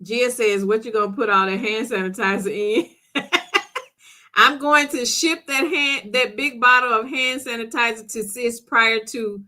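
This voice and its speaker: Bright-voiced woman chatting with commenters. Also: fairly high pitch, steady tone, a little slow. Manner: chatty, laughs often, talks back to commenters. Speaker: livestream host reading viewer comments. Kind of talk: casual chat.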